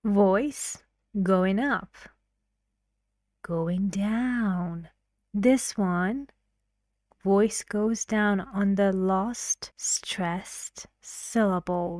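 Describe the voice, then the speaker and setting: A woman's voice: mid-range voice, steady tone, slow, darkish tone, dry recording, studio quality. A woman teaching an English pronunciation lesson, explaining patiently and asking the learners questions.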